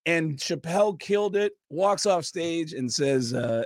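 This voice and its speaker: A man guest on a podcast, telling a story in a casual, lively way and jumping into voices. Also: medium pitch, normal speed, dry recording, studio quality. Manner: lively, acts out voices, lots of fillers. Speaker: comedian guest. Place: podcast studio.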